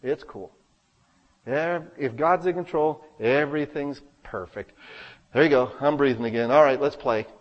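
A man preaching a sermon as pastor, talking conversationally and swinging between loud emphasis and hushed asides. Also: medium pitch, moderate pace, in a large hall, muffled recording.

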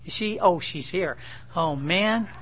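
A man's voice: high voice, slow pace, fairly bright tone. A middle-aged man preaching a sermon in a conversational, joking way, acting out his own dialogue with God. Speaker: pastor.

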